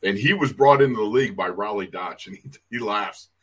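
A man's voice: on the low side, fairly quick, a bit bright, husky. A man co-hosting a football podcast, telling old coaching stories with laughs and emphasis. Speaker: co-host, former player. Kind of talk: casual podcast chat.

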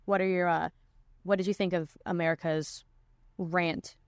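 A young woman hosting a relaxed podcast conversation, her speech full of likes, restarts and quick laughs. The sound is close and dry with no room at all. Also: fairly low pitch, clear, resonant tone, no room sound. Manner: chatty, many likes and restarts, laughs often. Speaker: podcast host. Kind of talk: casual chat.

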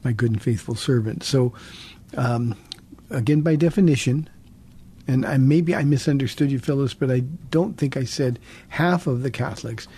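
A man in his sixties hosts a call-in radio Bible show, speaking earnestly and repeating words as he restarts. His mid-range voice is dark and husky, and his pace is moderate.

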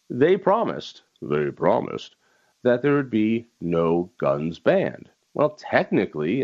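A man's voice: mid-range voice, a little mellow. Emphatic man on talk radio, lo-fi sound. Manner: emphatic, repeats key words for stress. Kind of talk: opinionated political talk radio monologue.

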